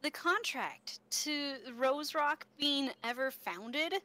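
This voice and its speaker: A woman doing an excitable museum worker. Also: high voice, slow, exaggerated voice. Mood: excited. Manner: excited, gushing, pleading.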